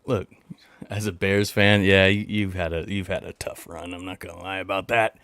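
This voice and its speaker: A livestream host chats casually with his viewers in a playful, animated way, blowing kisses into the mic, repeating lines for emphasis and talking about himself in the third person. His voice is fairly low at a moderate pace, recorded cleanly in a studio with no echo.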